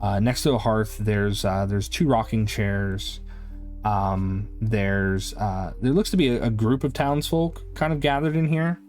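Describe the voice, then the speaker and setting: A man's voice: fairly low pitch, fairly even intonation, unhurried, darkish tone, faint music behind. A man narrating a tabletop game as game master, hesitant and full of restarts.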